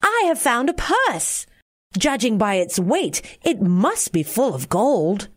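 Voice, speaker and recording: A man's voice: extremely high pitch, wildly swooping pitch, slow pace, full character voice. A woman reading the part of a greedy, boastful male traveler in a fable, sounding eager and possessive.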